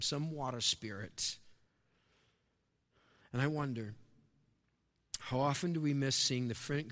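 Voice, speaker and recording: A man preaching a sermon as pastor, swinging between emphatic raised lines and hushed, quiet ones. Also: fairly high pitch, long reverb tail.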